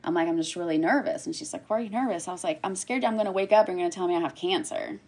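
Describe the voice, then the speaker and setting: 30s woman, kinda husky, low voice, chatty storytelling, jumps into everyone's voices. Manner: animated, acts out other people's lines in quick bursts. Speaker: guest sharing a personal story. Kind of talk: conversational storytelling.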